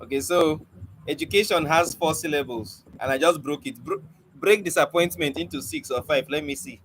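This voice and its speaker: A man's voice: a little high, lively intonation, normal speed, a bit bright, a little hiss or hum, rough recording. Man teaching an online poetry class. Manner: coaxing, questioning students, lightly teasing. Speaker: poetry mentor.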